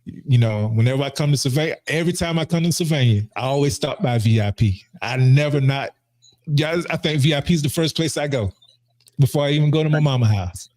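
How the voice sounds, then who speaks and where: Man, mid-pitched, podcast host; earnest, stammering restarts. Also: brisk, a little mellow. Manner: earnest, repeats words and restarts often. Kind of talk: casual heartfelt conversation.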